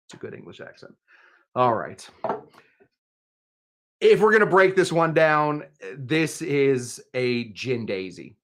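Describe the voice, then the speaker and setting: A man's voice: fairly high pitch, sing-song, slow, pauses often, a bit bright. A man hosting a casual livestream cocktail demo, chatty, with jokey asides and frequent restarts. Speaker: bartender and show host.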